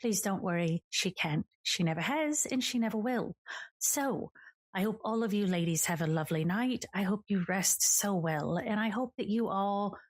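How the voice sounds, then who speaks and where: A woman voicing a suave, smug gentleman with a polished, formal way of talking. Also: medium pitch, lively intonation, normal speed, lightly acted. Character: suave, smug male gentleman who calls people darling. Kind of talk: voicing characters in a tabletop game.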